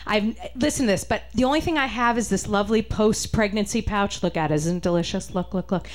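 A woman's voice: mid-range voice, a little fast. A woman from Boston with a Boston accent, doing a stand-up comedy set with a chatty, punchy delivery aimed at the audience. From Boston, Massachusetts.

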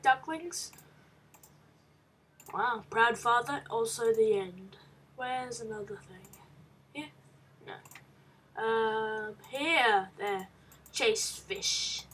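Woman gamer, high voice, unhurried delivery, slightly off-mic; excitable let's-play commentary. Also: distant mic, a little hiss or hum. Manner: excitable, reads game text aloud with reactions. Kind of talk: casual game commentary.

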